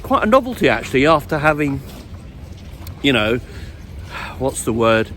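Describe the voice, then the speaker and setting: A man's voice: mid-range voice, sing-song, moderate pace, fairly bright tone, slight background noise. A middle-aged man walking along a street and telling a meandering, reflective story about dating, with many fillers and restarts. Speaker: vlogger on dating. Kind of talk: rambling anecdotal storytelling.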